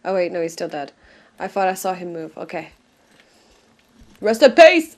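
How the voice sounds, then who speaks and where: A woman's voice: on the high side, animated, moderate pace. A young woman swearing her way through gameplay commentary, bursting into shrieks and laughter. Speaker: gaming video host.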